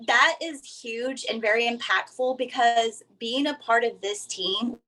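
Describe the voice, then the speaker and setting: A woman's voice: on the high side, a little slow, bright, forceful tone. A woman on the team speaking earnestly and emphatically on a video call. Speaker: team member. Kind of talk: sharing on a group call.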